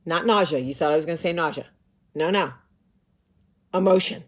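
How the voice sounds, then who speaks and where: A woman's voice: deep voice, fairly quick, pauses often. A woman in her thirties hosting a show, telling a comic story in a dramatic, profane, emphatic way. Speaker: show host. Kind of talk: comedic storytelling.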